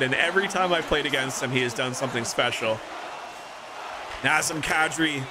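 A young man streaming a hockey video game, calling the plays like a sportscaster and reacting with excited outbursts. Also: medium pitch, moderate pace, noisy background. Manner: excitable play-by-play, rising to shouts. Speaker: gaming streamer. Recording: music playing clearly behind.

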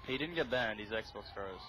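A man's voice: mid-range voice, very animated, slow pace, vocal fry. Argumentative man in game chat. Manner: arguing, explaining. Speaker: online gamer. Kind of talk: casual voice chat. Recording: game noise in the background.

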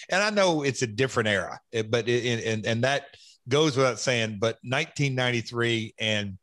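A man's voice: medium pitch, fairly bright tone, no room sound. A Southern man in his fifties talks through old memories on his podcast, stopping and restarting as he thinks. His voice sits mid-range and sounds dry and close. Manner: reflective, halting, restarts. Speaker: podcast host. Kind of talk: casual podcast chat.

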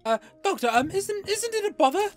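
A man voicing a frail, polite elderly woman patient in a game, speaking hesitantly and softly. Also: very high voice, sing-song, brisk, soft background music, pitched above the performer's own voice. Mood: timid.

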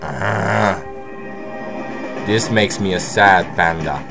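A young man commentating on his own gameplay, joking, swearing and bursting into excited shouts. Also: fairly low pitch, unhurried, music in the background. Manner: excitable, swearing, jokey outbursts. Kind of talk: let's play commentary.

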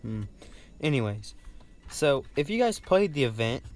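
A man's voice: medium pitch, sing-song, unhurried, faint music behind. A man in casual gameplay commentary, chatty and rambling, laughing often at home. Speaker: gaming channel host. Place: indoors at home, bunk bed. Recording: loud background noise.

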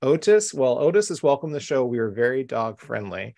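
A man's voice: medium pitch, big pitch swings, a little fast, vocal fry, darkish tone. A man hosting a live-streamed craft show from home, chatty, upbeat and welcoming. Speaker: host.

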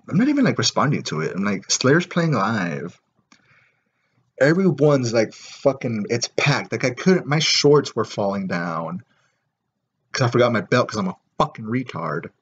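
Man vlogger, mid-pitched and husky; profane, rambling rant on a dull lo-fi recording. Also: very animated, moderate pace. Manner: profane, rambling, heavy filler words. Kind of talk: casual rant to camera.

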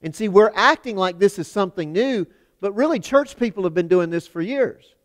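A man's voice: high voice, expressive, normal speed. Emphatic male preacher in a reverberant hall. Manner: emphatic, swings from loud to hushed. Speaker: pastor. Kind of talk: sermon.

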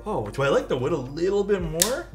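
Faint music plays behind a man with a high, very animated voice who talks fairly quickly on a live stream. He unboxes keyboard parts, thanks his chat, and muses aloud as he goes.

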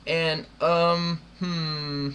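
A man's voice: on the high side, level tone, extremely slow, a bit bright, clean tone. A man in his twenties delivering a profane, defiant and mocking rant to camera. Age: 20s. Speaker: gaming clan member. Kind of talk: ranting video monologue.

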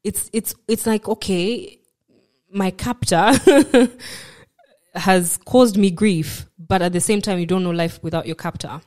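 A woman's voice: mid-range voice, takes it slowly, darkish tone. A woman with a Kenyan accent, frankly and reflectively telling her own story as a podcast guest, with self-deprecating asides. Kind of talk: candid personal storytelling.

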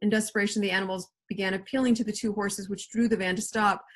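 Woman English teacher, expressive read-aloud, husky breathy tone, mid pitch. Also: fast. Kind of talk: reading a novel aloud to a class.

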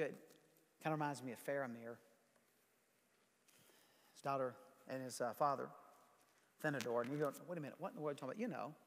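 A high-voiced male pastor delivers a sermon in a conversational way, reading scripture and stopping often to comment to his congregation. His voice carries a long reverb from a large church sanctuary.

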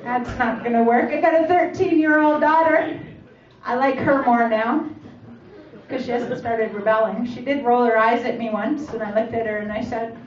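Speaking at a moderate pace with a fairly high, steady voice, a forties-aged comedian from Canada works a comedy club crowd, needling them with questions in a chatty set. Laughter and crowd noise fill the echoey, muffled, far-off club recording.

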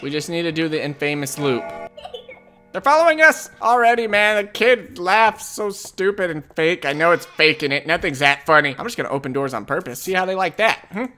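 A man's voice: fairly high pitch, expressive, fairly quick, bright, forceful tone, faint music behind. A man commentating a horror game, jumpy and jokey, swearing often as he panics. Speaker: gamer.

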